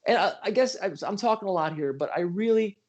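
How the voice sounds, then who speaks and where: The speaker, a middle-aged political candidate from Western New York, talks quickly in a high, slightly mellow voice, and the audio is dull. He hosts a casual livestream, telling stories earnestly while apologizing for talking too long and poking fun at himself.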